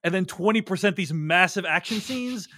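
A man's voice: high voice, animated, normal speed, bright, forceful tone, no echo, clean studio sound. A man co-hosting a film podcast, reasoning aloud in casual review chat, hedging and conceding points as he goes.

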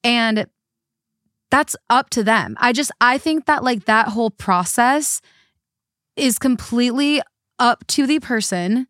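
Woman guest co-host, smooth voice, dry close mic, casual and emphatic. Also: fairly high pitch, slow, a bit bright, no echo. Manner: emphatic, repeats herself with fillers. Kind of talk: casual podcast chat.

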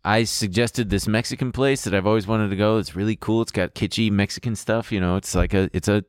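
A man's voice: lowish voice, fairly quick, clean tone, no echo, clean studio sound. A man chatting casually, cracking jokes and telling a dating story with quoted voices. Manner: joking interjections and animated storytelling with impressions. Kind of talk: casual podcast chat.

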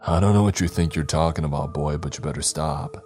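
A man's voice: very deep voice, normal speed, darkish tone, soft background music. A man doing a stern, commanding old father. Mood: angry. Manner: commanding, gruff. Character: stern older father, former policeman, angry.

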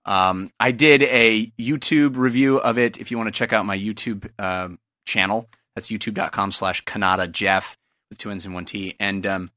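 A man's voice: fairly low pitch, steady tone, moderate pace, sharp tone, no echo, clean studio sound. A man hosting a podcast from a remote call, chatting casually with laughs and fillers, his voice coming through glitchy and robotic over Skype. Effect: glitchy robotic Skype audio. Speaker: podcast host.

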